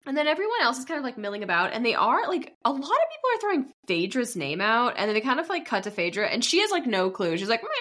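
A woman's voice: fast, hardly any pauses. A woman co-hosting a podcast, chatting casually about a reality show and acting out quotes with laughter. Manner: animated, laughing, acts out quotes in a high voice. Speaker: podcast co-host. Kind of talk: casual recap chat.

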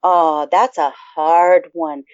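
A woman co-hosting a podcast in casual chat, profane and animated as she rambles. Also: lowish voice, takes it slowly, no room sound. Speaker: podcast co-host. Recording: dull lo-fi sound.

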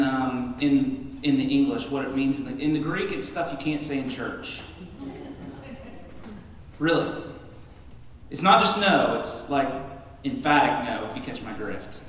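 A man preaches to his congregation in an emphatic, conversational style, circling back and restarting his thoughts as he goes. His slightly high voice is caught from across the room, so it rings with a long church echo, with faint room ambience beneath it. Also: a bit bright, a little hiss or hum. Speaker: pastor. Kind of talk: sermon. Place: church sanctuary. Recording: echoey hall from a distant mic.

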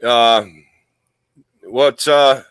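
A man's voice: medium pitch, steady tone, extremely slow, a bit bright, clean tone, no room sound, poor audio. A man co-hosting a casual comedy podcast, swearing freely and making colorful folksy comparisons. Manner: folksy swearing with colorful comparisons, mock cowboy drawl at times. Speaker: podcast co-host.

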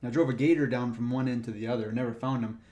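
A man with a mid-range voice chats casually, recounting stories from his work as a park ranger. He tells them in a lively way and plays out the voices of the people involved. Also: mid-range voice, quick pace. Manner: animated retelling, acts out the people in his stories. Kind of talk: casual storytelling chat.

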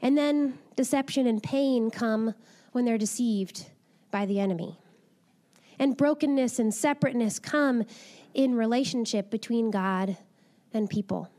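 A woman giving a gentle, reflective devotional talk and reading a children's Bible story aloud. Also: a little high, unhurried. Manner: gentle, reflective, soft-spoken.

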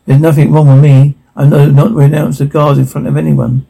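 Gravelly, husky male describer. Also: fairly high pitch, level tone, a little fast, dark tone, low-quality recording. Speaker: audio description narrator. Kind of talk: reading descriptions and dialogue aloud.

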